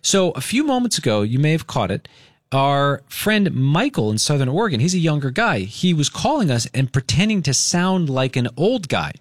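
Excitable radio host, lively voice. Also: male voice, fairly high pitch, moderate pace, dry recording, clean studio sound. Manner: excitable, enthusiastic. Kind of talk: upbeat radio banter. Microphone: studio microphone.

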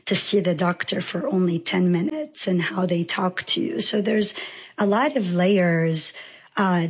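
Female academic guest, husky tone, thoughtful pauses. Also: medium pitch. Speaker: professor and interview guest. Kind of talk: radio interview answers.

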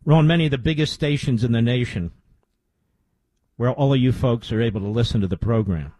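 A male radio host talks in an emphatic, self-assured monologue at a mid-range pitch. The studio sound is close and dry, with no room echo. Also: brisk, dark tone. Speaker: radio talk show host. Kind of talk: on-air monologue.

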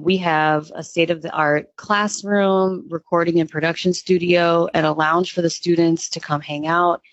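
A woman's voice: low voice, no room sound, lo-fi sound. A woman, a nonprofit's executive director, answering radio interview questions in an upbeat, earnest way with frequent ums.

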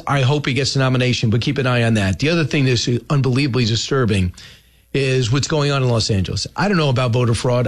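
A man hosting a talk show, giving combative, opinionated political commentary with sarcastic asides. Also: a little high. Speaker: radio host.

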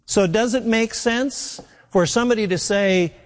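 A man's voice: high voice, unhurried, in a large hall. A man preaching a sermon in an earnest, emphatic way, repeating his key phrases.

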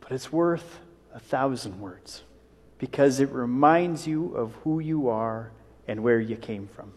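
A man's voice: mid-range voice, unhurried, darkish tone, husky. A man, a pastor, preaching a conversational sermon with small jokes and asides. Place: church. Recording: long reverb of a church hall.

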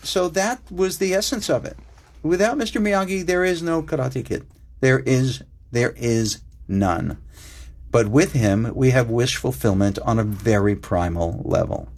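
An older man talks as an interview guest, earnest and reflective. His voice sits in a middle pitch, and he piles up lists and slows down to stress a point. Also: a little mellow.

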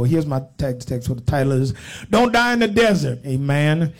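A male pastor preaching, reading scripture slowly and emphatically, then breaking into casual asides and call-and-response with the congregation. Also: on the high side, very animated, creaky.

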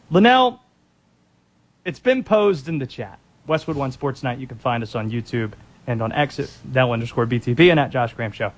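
A man co-hosting a sports talk radio show, teasing his partner and steering into the next topic. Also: on the high side. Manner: wry, teasing, sets up segues.

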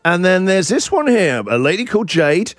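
A man's voice: sits high, moderate pace, dry recording. A man hosting a breakfast radio show, joking with his co-hosts and reading out listener messages. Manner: joking, animated, reads listener messages aloud. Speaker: radio host.

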